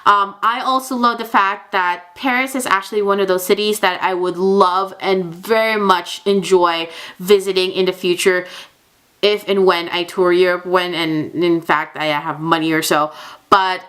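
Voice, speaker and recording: A young woman gushes through a casual book review vlog, chatty and full of little fillers. Her voice is bright and smooth, and she keeps the talk easy and enthusiastic as she speaks to her viewers. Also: lowish voice, fairly even intonation, moderate pace. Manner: gushing, chatty, many fillers like "oh my god".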